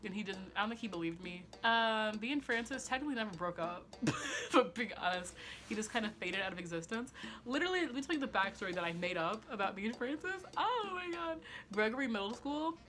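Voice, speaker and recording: Chatty, bright-voiced woman telling a story. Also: medium pitch, animated, fairly quick. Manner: chatty, swears freely, laughs often, many "like" fillers. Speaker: storytelling vlogger. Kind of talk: casual storytime chat.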